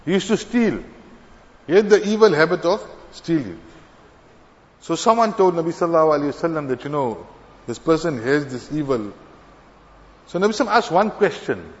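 A man preaching a sermon in an earnest, emphatic way, telling stories of pious elders and rising in pitch on key points. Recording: dull lo-fi sound with long hall reverb.

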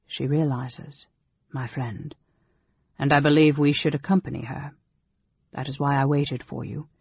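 A man voicing a cool, sly male dark elf wizard in an audiobook, speaking softly, low and offhand. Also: level tone, a little slow, vocal fry, breathy edge, dry recording, full character voice. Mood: sly, calm. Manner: coolly offhand, knowing. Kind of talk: audiobook character reading. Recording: dull lo-fi recording.

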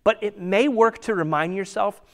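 A man's voice: high voice, moderate pace. A man preaching a sermon in a conversational way, full of rhetorical questions and sometimes dropping to a near-whisper for emphasis. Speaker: pastor.

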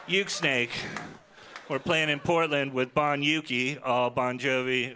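A man's voice: medium pitch, steady tone, slow, noisy background. A man in his forties doing a crude, self-mocking stand-up set on a festival stage. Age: 40s. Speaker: stand-up comedian. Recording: live stage recording with crowd. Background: audience laughter.

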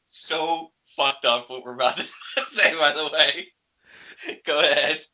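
A man co-hosting a podcast, chiming in with quick asides while casually recapping an episode. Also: fairly high pitch, fairly even intonation, pushed and bright. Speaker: podcast co-host. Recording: dull lo-fi audio.

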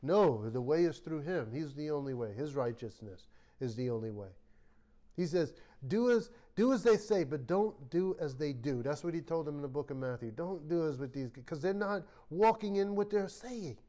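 A man preaching a sermon as a Bible study teacher, telling stories with lively acted-out quotes. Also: fairly high pitch, moderate pace. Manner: animated storytelling, acts out quoted voices. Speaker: pastor.

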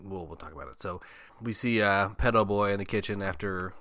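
A man's voice: low-pitched, a little fast, sharp tone. A man hosting a casual movie review, rambling, swearing a lot and laughing often. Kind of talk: casual chat.

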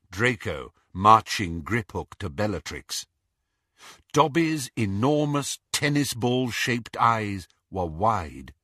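Slow, expressive male audiobook narrator. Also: on the low side, husky, no echo, studio quality. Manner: expressive, dramatic reading. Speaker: audiobook reader.

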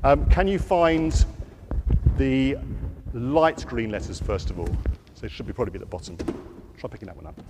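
A man giving an all-age church talk, telling the story in a lively way to children and acting out the quotes. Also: mid-range voice, moderate pace, long pauses, long reverb tail, background noise. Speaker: preacher. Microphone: wearing a microphone.

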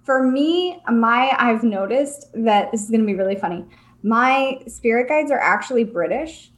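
Young woman podcast co-host, earnest and reflective, a bit high-pitched. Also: animated, moderate pace. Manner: earnest, reflective, with frequent fillers. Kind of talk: casual spiritual chat.

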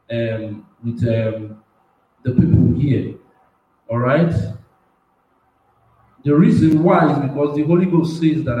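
A man preaching with strong emotion. He stumbles over words, restarts phrases, and his voice surges high and loud when he gets worked up. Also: lo-fi sound. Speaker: self-styled prophet and preacher. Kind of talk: impassioned spontaneous preaching. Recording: very echoey room, voice far from the mic.

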